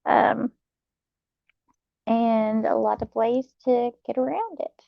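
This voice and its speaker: A young adult woman, hosting a late-night live chat, talking softly and laughing often. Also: on the high side, gravelly, no echo, muffled recording. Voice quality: soft, slow, laughs often. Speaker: channel host reading live chat.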